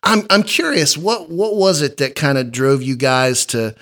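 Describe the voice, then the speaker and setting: A man's voice: a little high, measured pace, a bit bright. A man hosting a casual podcast chat, telling long stories and often restarting his sentences. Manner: rambling storyteller with many restarts. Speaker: podcast host.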